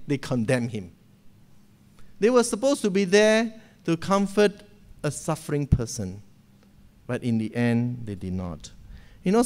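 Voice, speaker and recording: A preacher delivers a sermon in a mid-range voice, animatedly recounting a story from the church pulpit and frequently asking his congregation "okay?".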